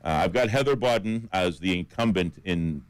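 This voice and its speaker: Caymanian male radio co-host, very deep voice, dry studio sound, steady list-reading. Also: normal speed, smooth, no room sound, low-quality recording. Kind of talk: radio talk about election candidates.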